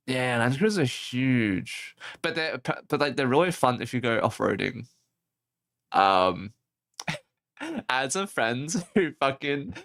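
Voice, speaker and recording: A man's voice: medium pitch, a bit bright. A young man streaming as a VTuber, telling a rambling story with lots of laughing, swearing and false starts. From Australia.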